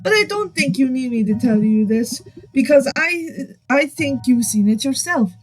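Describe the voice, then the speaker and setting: A woman's voice: on the high side, animated, moderate pace, fairly bright tone, rough recording. A woman voicing an older male rancher with a put-on Spanish accent, speaking earnestly and dropping in Spanish words.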